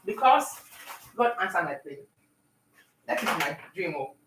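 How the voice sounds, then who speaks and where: A woman chatting with viewers on a live stream while she bakes at home, talking warmly and greeting people by name. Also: lowish voice, lively intonation, unhurried, echoey room, recorded from a distance, background noise. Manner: warm, talkative, talks to viewers by name. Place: home kitchen.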